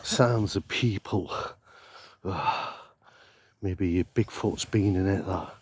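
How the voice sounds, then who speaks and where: A man filming a mock-spooky comedy vlog outdoors in woodland, talking deadpan and pretending to be scared, with lots of swearing. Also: low voice, slow, slightly rough, no echo. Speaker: vlogger.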